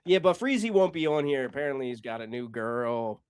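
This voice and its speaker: A man's voice: medium pitch, animated, fairly quick, clear, resonant tone, dry recording, clean studio sound. A man hosting a comedy podcast, talking loosely and with swearing, joking with his co-host and announcing the joke concept. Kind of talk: casual podcast chat.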